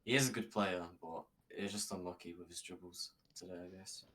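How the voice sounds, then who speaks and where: A man's voice: low voice, steady tone, brisk, fairly bright tone. A man, a player in a post-match interview, giving brief and unsure answers.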